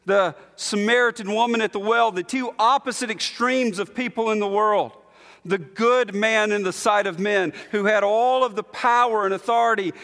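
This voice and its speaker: A man preaching a sermon as pastor, emphatic, slowing down to stress repeated lines. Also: high-pitched, a bit bright, big-room sound. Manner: emphatic preaching with slow, drawn-out repetitions.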